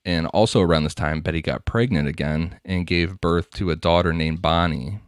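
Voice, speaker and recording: A man's voice: sits low, fairly even intonation, moderate pace, no echo, clean studio sound. A man hosting a podcast, narrating case details in a casual way and laughing often. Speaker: podcast host. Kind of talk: casual true-crime narration.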